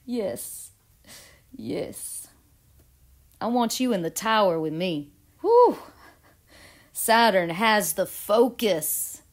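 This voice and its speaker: Slow, giggly woman reading tarot. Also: mid-range voice, animated. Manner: giggly, bubbly, dramatic. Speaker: astrology and tarot vlogger. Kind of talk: casual tarot reading chat.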